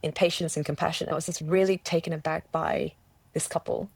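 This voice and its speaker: Woman guest, low-pitched, earnest personal testimony, dry booth sound. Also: fairly even intonation, brisk, slightly rough, dry recording. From Australia. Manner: earnest, searching, with many restarts and self-quotes. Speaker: interview guest.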